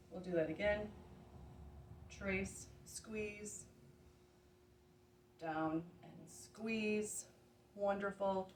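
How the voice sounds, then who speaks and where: A woman's voice: mid-range voice, slight background noise. Woman guiding energy exercises in echoey room. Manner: gentle, talks through each step while demonstrating. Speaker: energy healing practitioner. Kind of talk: guided exercise instruction. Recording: echoey room, mic at a distance.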